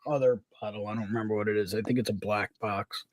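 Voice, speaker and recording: A man's voice: fairly low pitch, fairly even intonation, fast talker, over a noisy crowd. A man chatting as a guest on a live stream over a video call, matter-of-fact and asking questions. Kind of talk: casual chat over whiskey tasting.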